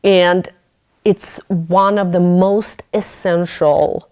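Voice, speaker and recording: Speaking extremely slowly in a lowish voice, a woman hosts a podcast with casual interview talk. She tells stories animatedly, laughs often, and acts out what she was thinking in a raised voice.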